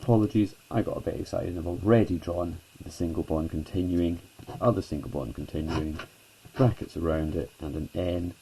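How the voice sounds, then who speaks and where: Low, gravelly man teaching chemistry. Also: fairly even intonation, a little fast, dark tone, slight background noise, rough recording. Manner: chatty, self-deprecating, lots of "okay" and "so". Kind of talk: whiteboard lesson narration.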